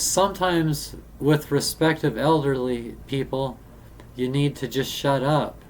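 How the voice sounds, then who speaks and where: A man talking in a casual, rambling monologue, halting and restarting often with many fillers. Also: mid-range voice, steady tone. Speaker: vlogger. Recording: faint background noise.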